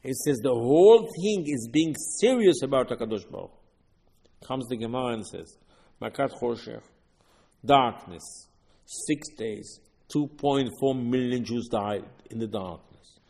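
A man giving a Torah lecture, emphatic, swinging between loud and soft and repeating words. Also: medium pitch, lively intonation, a little slow. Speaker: rabbi. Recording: long reverb, slightly husky voice.

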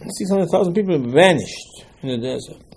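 A man teaching a Torah class, animated and full of rhetorical questions, voicing the listener's protests. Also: on the high side, moderate pace, a little hiss or hum. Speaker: rabbi teaching Talmud.

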